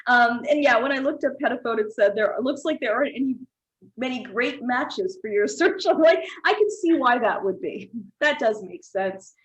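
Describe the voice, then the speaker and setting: High-voiced woman hosting comedy chat. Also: expressive, moderate pace, poor audio. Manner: playful, laughs often, reads viewer comments. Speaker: host.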